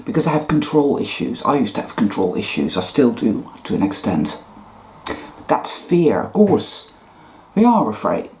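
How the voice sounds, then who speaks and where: A woman's voice: a bass voice, big pitch swings, normal speed, darkish tone. A woman giving a blunt, profane, emphatic spiritual rant to camera. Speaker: spiritual vlogger. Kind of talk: ranting spiritual monologue.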